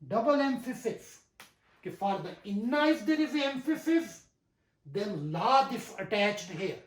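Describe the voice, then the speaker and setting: A teacher giving a grammar lesson, talking deliberately, repeating key terms and reciting verses slowly. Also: mid-range voice, animated. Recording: roomy echo.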